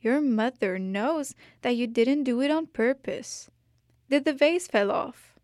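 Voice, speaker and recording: A calm house cat that purrs out soothing words with a gently mocking edge, as a woman reading a storybook puts it on. The voice sits a little higher than the reader's own and stays unhurried. The recording is dry and close. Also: dry recording.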